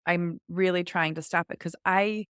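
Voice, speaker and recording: A woman's voice: fairly low pitch, fairly even intonation, fairly bright tone, smooth, dry recording, studio quality. A woman in her forties co-hosting a podcast, chatting candidly and reflectively about parenting. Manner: candid, reflective, quick asides. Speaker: podcast co-host. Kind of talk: casual chat.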